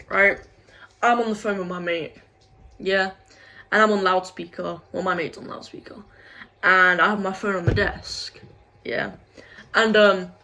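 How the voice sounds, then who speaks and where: In a sharp mid-range voice, a young woman rants casually on her vlog, venting her frustration in a rambling way full of curses and "like." The audio is low quality.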